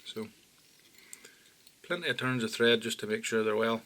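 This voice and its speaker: A man calmly talking through fly-tying steps as an instructor, often dropping low and quiet. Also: moderate pace. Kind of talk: step-by-step tutorial narration.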